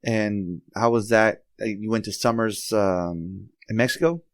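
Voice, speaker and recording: A man hosting a podcast interview, asking relaxed questions with plenty of "um"s. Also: on the low side, a little slow, dry recording, studio quality. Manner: relaxed, hesitant questions with many "um"s. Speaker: podcast host. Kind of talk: casual interview.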